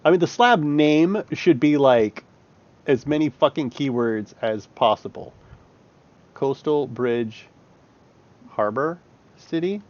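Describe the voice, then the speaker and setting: A man's voice: fairly high pitch, animated, takes it slowly, pauses often, a little mellow. A man chatting casually and thinking aloud while he works, with plenty of fillers and swearing. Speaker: map-building streamer. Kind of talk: casual chat while working. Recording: muffled audio with faint music.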